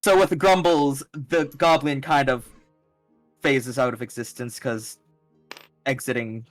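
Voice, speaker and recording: A young man narrating as game master in a tabletop game, casual and halting, with many fillers and restarts. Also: mid-range voice, steady tone, no echo, soft background music, rough recording. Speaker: dungeon master.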